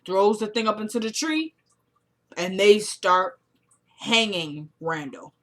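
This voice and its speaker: Woman reviewer, chatty colloquial recap, lively retelling, average pitch. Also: slow pace. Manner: animated, colloquial storytelling that acts out the characters' lines. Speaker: TV episode reviewer. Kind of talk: casual episode recap.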